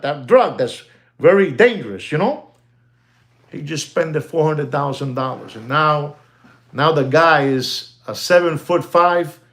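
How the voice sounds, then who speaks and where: Chatty man full of "you know"s. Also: a little high. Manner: chatty and animated, constantly saying "you know", drops into Spanish phrases. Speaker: watch market commentator. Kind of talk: casual talking-to-camera commentary.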